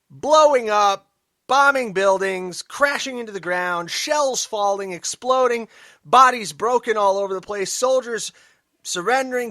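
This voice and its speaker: A man hosting a political commentary podcast, emphatic and sarcastic, dropping to mutters and then rising loud. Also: sits high, dry recording, clean studio sound. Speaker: podcast host.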